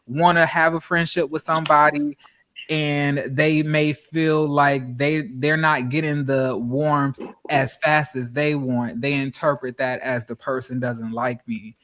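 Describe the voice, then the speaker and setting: A man's voice: mid-range voice, fairly bright tone. A man on a discussion panel giving a reflective, hesitant opinion with many fillers.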